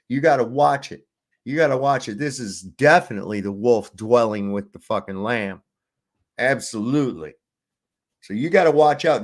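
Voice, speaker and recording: Middle-aged male host, crude preachy ranter, mid-pitched. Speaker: commentary host. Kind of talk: profane ranting commentary.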